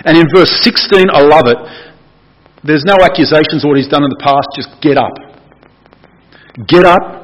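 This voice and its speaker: A man's voice: fairly high pitch, brisk, low-quality recording. A man giving a casual, chatty sermon and asking the congregation questions. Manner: chatty and playful, asks the room questions. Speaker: preacher.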